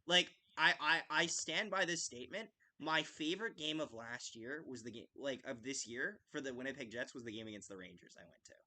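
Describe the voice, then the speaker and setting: Hosting a live hockey watch-along podcast, this man gives casual live-stream commentary, passionate rants, curses, constant "like"s, and restarts. He speaks briskly with few pauses in a mid-range voice that sounds pushed and bright.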